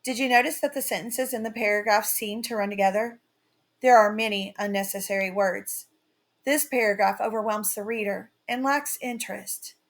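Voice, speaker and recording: A woman teaching a writing lesson in a slow, carefully read-out, scripted delivery. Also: mid-range voice, steady tone.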